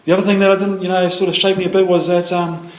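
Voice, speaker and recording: A middle-aged man with a New Zealand accent shares his personal story at a recovery meeting. He talks quickly in a slightly high voice, rambling along with many fillers and restarts. The room is echoey, with a faint hum of noise behind him. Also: little pitch movement. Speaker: AA meeting speaker.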